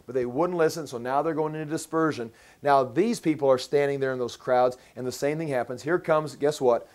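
A man preaching a sermon as pastor, explaining a Bible passage step by step in an emphatic way and slowing down to stress key words. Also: on the high side, warm tone. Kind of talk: sermon, verse-by-verse Bible teaching.

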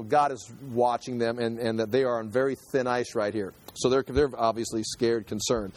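Male Bible teacher, fairly high voice, dry close sound; reads scripture, then explains it in plain talk with frequent restarts. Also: a little mellow, no echo. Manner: conversational, reads scripture then explains it in his own words; frequent restarts and repeated words.

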